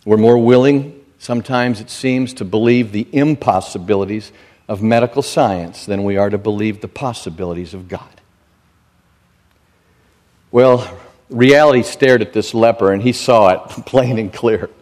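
A man preaching a sermon in a slow, deliberate way, his voice climbing high and emphatic on key lines. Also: darkish tone. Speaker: pastor.

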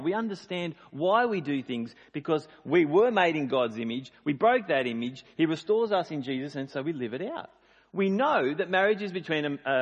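Emphatic preacher, echoing hall. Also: male voice, fairly high pitch. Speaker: pastor. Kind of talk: sermon. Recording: dull lo-fi sound in a reverberant hall.

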